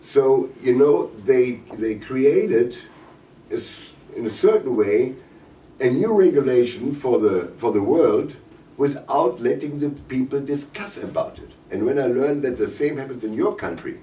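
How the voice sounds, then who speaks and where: A man with a German accent, hoarse and coughing, speaking haltingly at a press conference with many fillers and restarts. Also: medium pitch, lively intonation, dark tone, a little hiss or hum. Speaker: visiting parliamentarian at a press conference. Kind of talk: press conference remarks in English. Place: conference room. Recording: roomy, distant mic, faint ambience.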